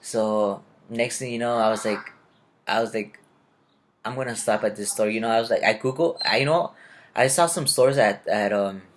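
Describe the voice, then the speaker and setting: A man's voice: fairly low pitch, moderate pace. Rambling young man telling a story. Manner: chatty and restless, full of fillers and self-corrections. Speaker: vlogger. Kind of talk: rambling personal storytelling to camera.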